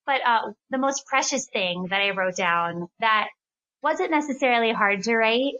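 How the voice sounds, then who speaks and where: A woman in her thirties chatting as a podcast co-host, her voice bright and a touch high. She rambles with plenty of fillers and laughs easily. Her tone is loose and relaxed. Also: moderate pace, muffled recording. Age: 30s. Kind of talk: casual chat.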